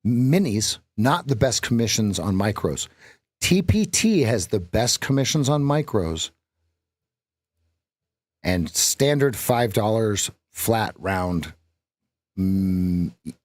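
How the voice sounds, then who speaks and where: A man hosting a live trading stream, talking in an animated voice that swings freely up and down. He works through sums out loud and cracks jokes that he laughs at himself. The sound is close and dry, with no room around it. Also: fairly low pitch, no echo. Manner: chatty, jokes at his own lines and laughs at them; thinks aloud while working out numbers. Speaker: trading coach and stream host.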